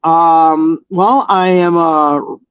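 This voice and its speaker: A man's voice: on the high side, steady tone, drawn-out words, smooth, dry recording, dull audio. A man, a professional wrestler, telling stories in a casual interview, rambling with many fillers and restarts.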